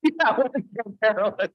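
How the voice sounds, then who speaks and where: A man leading a holiday service, coaxing the congregation into a playful story with quick, encouraging back-and-forth. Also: high voice, expressive, muffled recording. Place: dim room at a congregation gathering.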